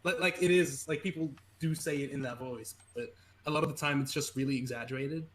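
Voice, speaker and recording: A man's voice: mid-range voice, steady tone, fairly quick, a little hiss or hum, poor audio. A man chatting casually on a gaming stream, rambling and swearing with many restarts.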